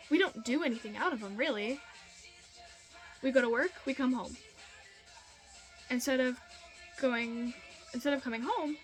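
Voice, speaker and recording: Young woman giving pep-talk vlog, kinda high voice, chatty and earnest, repeats stuff, soft music under. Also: rough recording. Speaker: vlogger. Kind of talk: casual motivational talk to camera.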